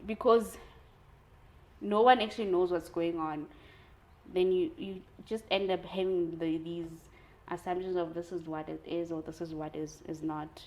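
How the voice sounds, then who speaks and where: A woman's voice: on the low side, normal speed, low-quality recording. Candid young woman in casual conversation. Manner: candid, animated storytelling, laughs often. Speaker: guest.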